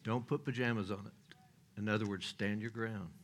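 A man's voice: fairly low pitch, fairly even intonation, moderate pace, slight background noise. An older man preaching a sermon in a folksy, joking way, with loose restarts and chuckles.

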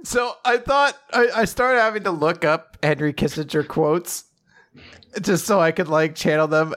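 A man's voice: a little high, moderate pace, a bit bright. A man co-hosting a casual chat, joking and swearing freely. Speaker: podcast co-host.

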